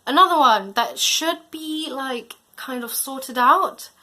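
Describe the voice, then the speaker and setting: A chatty teenage girl, her voice bright and a touch high. She talks in a loose, slangy way, getting louder and then trailing off quietly. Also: slow. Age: late teens. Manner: chatty, slangy, drifting in and out of loudness. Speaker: student vlogger. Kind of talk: casual vlog advice.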